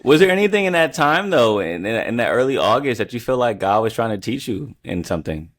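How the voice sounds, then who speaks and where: A man's voice: mid-range voice, sing-song, fast, fairly bright tone. A man hosting a podcast, asking a guest a question. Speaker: podcast host. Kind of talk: interview question.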